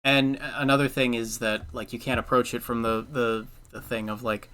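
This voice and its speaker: A man's voice: mid-range voice, steady tone, normal speed, bright, forceful tone, clean tone. A young man hosting a casual podcast chat, giving earnest advice with lots of filler words. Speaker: podcast host.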